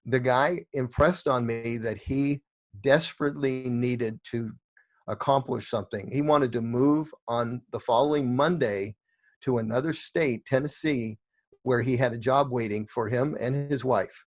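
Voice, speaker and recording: Middle-aged man telling lively stories. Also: mid-range voice, unhurried. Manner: animated storyteller acting out quoted dialogue. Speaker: guest, real estate investor. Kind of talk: storytelling interview answers.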